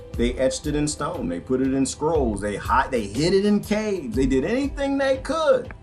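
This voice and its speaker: A man hosting a rambling livestream monologue, animated and joking, laughing often. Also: fairly high pitch.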